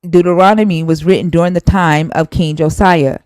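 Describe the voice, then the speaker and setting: A woman's voice: on the low side, steady tone, fairly quick, a little mellow, no room sound, low-quality recording. A woman hosting a live stream, arguing heatedly and scolding a viewer while citing scripture verses. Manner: emphatic, scolding, cites scripture.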